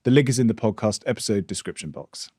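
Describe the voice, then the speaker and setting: A man hosting a podcast, explaining at a measured pace with some stammering restarts. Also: lowish voice, expressive, mellow, breathy edge, no echo, clean studio sound. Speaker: podcast host. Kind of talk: interview and read ad.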